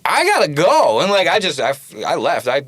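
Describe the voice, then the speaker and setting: A man telling a story as a podcast guest, animated and full of casual "like"s, acting out the lines he quotes. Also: on the high side, fairly quick, husky, no room sound. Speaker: podcast guest, studio owner.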